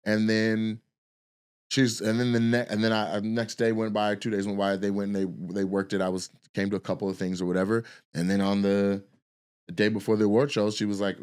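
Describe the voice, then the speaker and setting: A man's voice: lowish voice, flat delivery, fairly quick, a little mellow, smooth. Rambling, profane male comedian. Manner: rambling, profane, restarts a lot. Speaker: podcast host and stand-up comedian. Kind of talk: casual storytelling.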